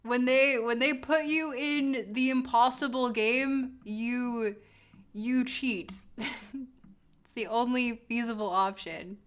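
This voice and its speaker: A woman's voice: fairly high pitch, a bit bright, smooth. A woman streaming a geography game, reading chat aloud and reacting with laughter and mock outrage. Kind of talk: casual game stream commentary.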